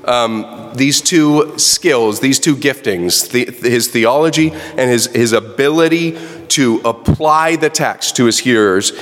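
A pastor preaching a sermon, asking rhetorical questions and swinging his pitch widely for emphasis. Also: slow, a bit bright, long reverb tail.

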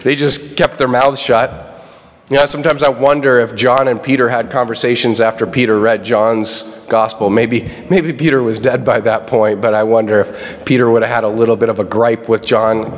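A man preaching a sermon, animated and acting out the people he quotes in raised voices. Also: medium pitch, moderate pace. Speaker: pastor. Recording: long reverb of a hall.

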